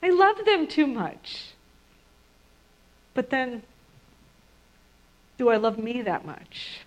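A woman's voice: a little high, big pitch swings, slow, low-quality recording. A woman gives a reflective spiritual talk to an audience and sometimes acts out harsh inner voices. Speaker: spiritual speaker.

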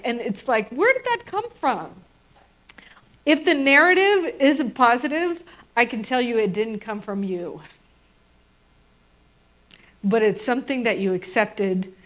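This woman speaks, and her voice sits a little high. She talks to listeners in an earnest, reflective way and slips into mocking inner voices now and then. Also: dull audio. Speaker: spiritual speaker. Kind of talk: inspirational talk to an audience.

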